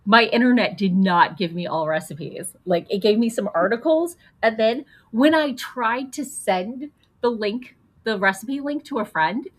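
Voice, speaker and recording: A woman hosting a relaxed stream, telling stories in a chatty way and acting out what others said. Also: a little high, a little slow. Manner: chatty storyteller, animated quoting. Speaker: stream host. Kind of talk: casual chat.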